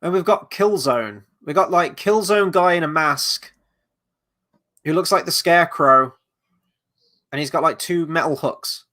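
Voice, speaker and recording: Male watchalong host, slightly high voice, loose rambling commentary, casual swearing. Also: a little slow, sharp tone. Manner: reads out and answers chat questions. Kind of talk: live movie watchalong commentary.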